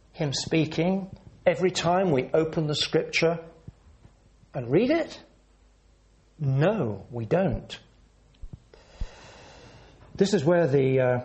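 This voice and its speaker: A man preaching a sermon in an earnest, measured teaching manner, leaning into words for emphasis. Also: on the high side, a little mellow.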